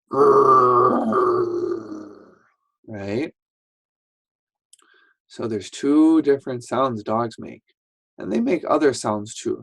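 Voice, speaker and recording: A male teacher leads a beginner English lesson at a slow, deliberate pace. His voice sits at an ordinary pitch for a man. He is patient and repeats each word, acting out sounds to make a point.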